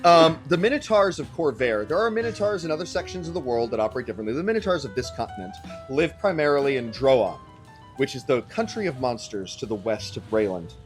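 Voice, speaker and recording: A man narrating as game master, animated and casual, who swears freely. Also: medium pitch, fast, faint music behind.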